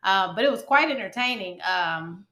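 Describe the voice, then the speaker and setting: A woman's voice: medium pitch, lively intonation, moderate pace, bright, forceful tone, echoey room. A woman chatting casually and playfully, teasing her friends and reacting with laughter. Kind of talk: casual chat.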